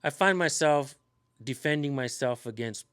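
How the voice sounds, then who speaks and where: A man's voice: mid-range voice, normal speed, fairly bright tone, smooth. A man hosting a casual talk, rambling with many fillers and restarts. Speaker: channel host, activist. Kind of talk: casual conversation.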